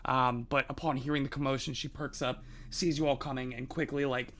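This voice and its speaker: A man narrating a tabletop game as game master, halting with many fillers. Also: medium pitch, little pitch movement, a bit bright, slight background noise.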